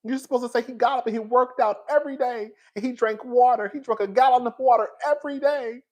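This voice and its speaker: A man talking casually to his viewers as a pop culture commentator, in slangy, animated speech and often laughing as he riffs. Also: extremely high pitch, fast.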